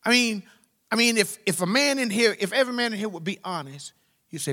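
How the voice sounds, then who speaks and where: A pastor preaching a sermon, swinging from loud, rising exclamations to low, quiet asides. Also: male voice, quick pace. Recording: long hall reverb.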